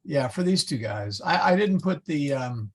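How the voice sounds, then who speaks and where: A man teaching a Latin class, explaining slowly and patiently with many fillers. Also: fairly high pitch, lively intonation, slight background noise. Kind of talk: online class lecture.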